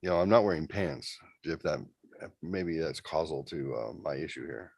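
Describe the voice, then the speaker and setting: A man's voice: a bass voice, moderate pace, vocal fry, a little mellow. A man co-hosting a casual chat show, joking and teasing. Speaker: co-host.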